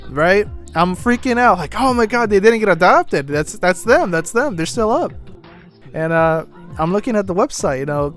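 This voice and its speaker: A young man telling a personal story in a rambling, casual way, full of "like" and "you know", moving between glum and excited. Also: fairly high pitch. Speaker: vlogger.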